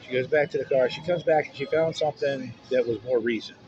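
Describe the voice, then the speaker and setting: A vlogger with a medium-pitched voice talks fast as he tells a personal story, casual and frank, swearing freely. The recording is muffled, with noisy street sound behind him.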